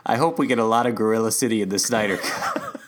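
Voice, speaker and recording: A man's voice: lowish voice, fast talker, a little hiss or hum. A man co-hosting a podcast in casual chat, riffing and spinning imagined scenes as he goes. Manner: animated storyteller, riffs on imagined scenes. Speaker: podcast co-host.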